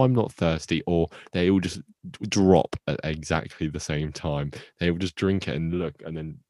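A man's voice: very deep voice, a little mellow, no room sound. A man co-hosting a podcast, reviewing a TV episode in casual chat with dry, teasing jokes. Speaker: podcast co-host.

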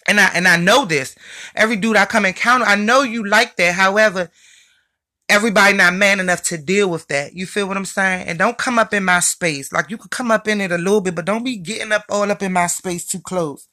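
A woman's voice: medium pitch, fairly quick, bright, forceful tone. A young woman in a casual, profane rant, blunt and mocking as she calls out her listeners.

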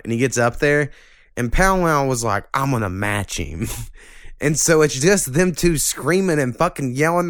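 A man hosting a casual podcast, ranting and swearing freely, getting animated when annoyed. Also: mid-range voice, clear, resonant tone, dry recording, studio quality. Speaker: podcast host.

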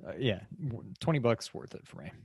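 A man's voice: mid-range voice, animated, a little fast, creaky, a little mellow, husky. A man co-hosting a casual gaming podcast, talking in a hesitant, hedging way. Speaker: podcast co-host.

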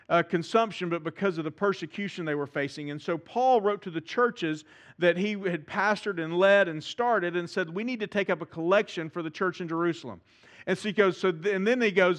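A man pastor preaching a sermon, with emphatic delivery that swings from loud to soft. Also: sits high, normal speed.

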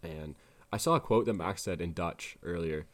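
Deep-voiced man chatting on a podcast. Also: moderate pace. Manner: animated, opinionated, laughs easily. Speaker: podcast co-host. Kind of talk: casual chat.

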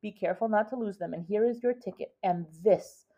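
A firm, hushed mother, read by a woman. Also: mid-range voice, fairly quick, lightly acted. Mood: urgent, tender. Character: stern loving mother of a girl, anxious. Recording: dull lo-fi recording.

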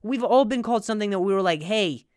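A man's voice: sits high, rapid-fire, a little mellow, smooth, no room sound, clean studio sound. A young man hosting a comedy podcast, rambling and profane, with sarcastic rants full of restarts. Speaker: podcast host.

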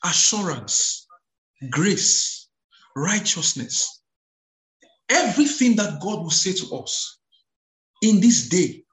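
A man delivers a sermon in an echoey room, his voice a little high and fairly bright. He repeats words, restarts phrases, and shouts hallelujah, while reading scripture slowly and weightily.

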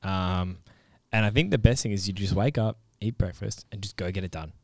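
A man's voice: fairly low pitch, a little fast, darkish tone. A man hosting a podcast, chatting in a laid-back, jokey way. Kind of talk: casual podcast chat.

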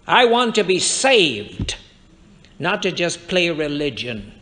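A man delivers a fervent sermon from the pulpit of a church, speaking straight to his congregation and weaving in scripture. His voice sits high for a man, with a bright, forceful edge. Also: big pitch swings, slow pace, a little hiss or hum. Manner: fervent preaching, quoting scripture and addressing the congregation directly. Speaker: pastor. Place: church sanctuary.

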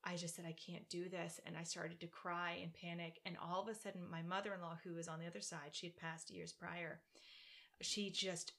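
A woman from Virginia, a podcast guest telling a personal story in casual interview talk, animated and laughing often. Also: on the low side, brisk. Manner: animated, laughs often, acts out her own quotes. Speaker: podcast guest, practicing shaman.

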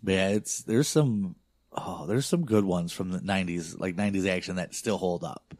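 A man's voice: sits low, moderate pace, darkish tone, no room sound, clean studio sound. A young adult man telling rambling, profane stories in casual chat. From not from a big city. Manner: profane, rambling storytelling with lots of fillers.

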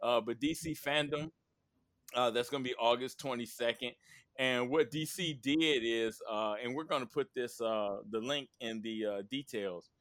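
A man hosting a podcast, talking in an animated, rambling way in casual chat. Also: medium pitch, normal speed, dry recording, clean studio sound. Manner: animated, rambling, lots of fillers and laughs. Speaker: podcast host.

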